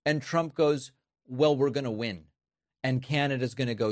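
A man's voice: mid-range voice, normal speed, pauses often, dry recording, clean studio sound. A man giving sarcastic political commentary on news clips, mocking what he plays.

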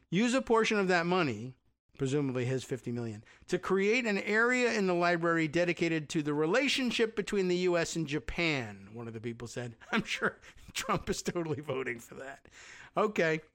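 A man with a slightly higher voice reads a news article aloud in a loose, conversational way. He keeps stopping to add sarcastic, wry asides before picking up the text again. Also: fairly bright tone. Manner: sarcastic, wry asides between read passages. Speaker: commentator reading news aloud. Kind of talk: casual political commentary reading an article.

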